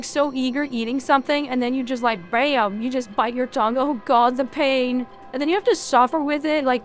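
A woman's voice: high-pitched, a little hiss or hum. A woman streamer chatting casually and rambling jokingly to viewers while she plays a game. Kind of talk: casual gameplay chat.

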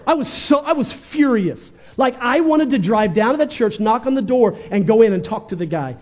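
Male pastor, sermon, very high voice, fervent and animated, volume swings. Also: normal speed, hardly any pauses.

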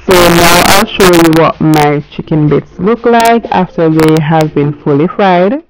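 A woman's voice: lowish voice, a little slow, background noise. A woman giving a casual cooking voice-over, chatty and talking straight to her viewers. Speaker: cooking channel host.

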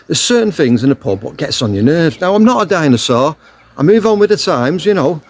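A man's voice: medium pitch, darkish tone. A man grumbling humorously about pub habits in a casual monologue, recorded in a pub. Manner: chatty, grumbling, dry humour. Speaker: pub vlogger. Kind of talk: casual comic monologue to camera.

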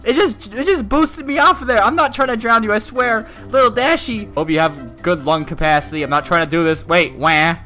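A young man giving crude, excitable gameplay commentary, laughing often as he plays. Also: high voice, brisk, few pauses, soft background music. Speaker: gaming YouTuber.

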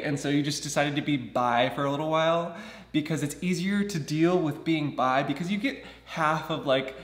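Vlogger, man in his thirties from Southern California, candid and chatty, slightly raised voice, roomy echo on the track. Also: on the high side. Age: 30s. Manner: chatty, candid, acts out other people's lines. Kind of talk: casual personal vlog.

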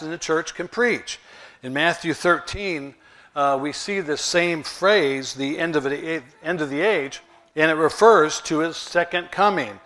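A man's voice: on the high side, fairly bright tone. A male pastor, preaching a sermon in a conversational way with rhetorical questions.

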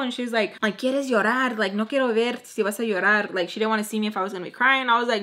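A young woman telling a storytime in a casual, animated way, her tone bright and forward. She acts out what others said and slips Spanish phrases into her English. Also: medium pitch, brisk, hardly any pauses. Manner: animated, acts out quotes in put-on voices, swears freely. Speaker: storytime vlogger.

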